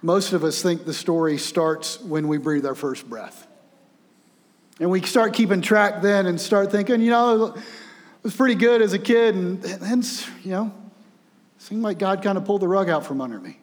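A male pastor preaches in a conversational, storytelling way, with a voice pitched somewhat high for a man. His talk is animated, and it carries through a church sanctuary with a long, lingering reverb. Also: normal speed. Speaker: senior pastor. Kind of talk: sermon. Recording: long reverb of a large hall.

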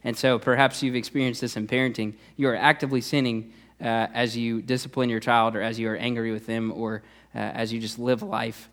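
A man's voice: mid-range voice, flat delivery, fairly quick, a bit bright. Conversational male youth pastor preaching. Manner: conversational, many "uh" fillers and restarts. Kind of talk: sermon.

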